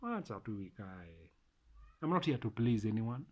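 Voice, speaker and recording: Kenyan man, middle-aged, husky voice, dull lo-fi sound, ranting vlog monologue. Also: on the low side, sing-song, moderate pace, dark tone. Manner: ranting, emphatic, repeats phrases. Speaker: vlogger. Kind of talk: opinion monologue to camera.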